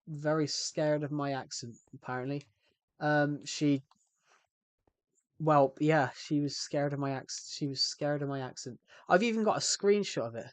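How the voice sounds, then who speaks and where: A man's voice: on the high side, dry recording. Rambling young man, West Country accent. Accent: West Country English. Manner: rambling, repeats himself, frequent restarts. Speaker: streamer. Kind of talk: casual live-stream chat.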